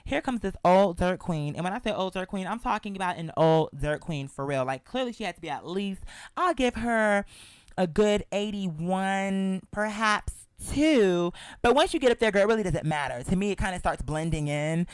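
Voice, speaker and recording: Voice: mid-range voice, lively intonation, normal speed, clear, resonant tone, dry recording. Sassy storyteller with a dry close sound. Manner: sassy, chatty, calls the listener "girl". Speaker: show host. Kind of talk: casual storytelling monologue.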